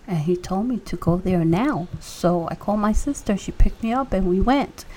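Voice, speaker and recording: A woman sharing a personal faith testimony, telling her story with emotion and often dropping into a breathy whisper. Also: mid-range voice, animated, normal speed, mellow.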